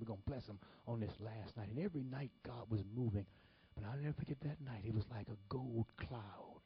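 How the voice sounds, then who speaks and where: Husky preacher telling stories. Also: male voice, medium pitch, muffled recording. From Detroit, Michigan. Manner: animated storytelling, swings from loud exclamations to hushed whispers. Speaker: pastor. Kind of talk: sermon storytelling.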